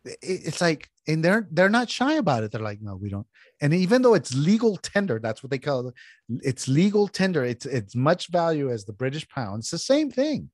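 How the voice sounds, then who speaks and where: A middle-aged man from California chatting casually as a podcast host, telling stories with big swings in pitch and cursing when annoyed. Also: normal speed, no room sound, studio quality. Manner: animated storyteller, swears freely, jumps in pitch when riled up. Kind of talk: casual chat.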